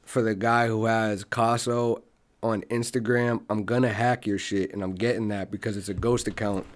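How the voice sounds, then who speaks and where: Low-voiced laid-back man. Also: normal speed. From Boston. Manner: relaxed, laid-back, trails off softly. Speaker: podcast guest, musician. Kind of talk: casual podcast chat.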